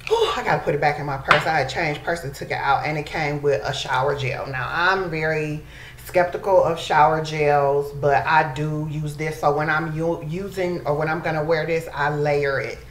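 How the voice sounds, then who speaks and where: Woman, low pitch, casual beauty vlog chat, echoey room. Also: normal speed. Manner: chatty, addresses viewers as y'all. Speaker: beauty vlogger. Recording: echoey room, faint background noise.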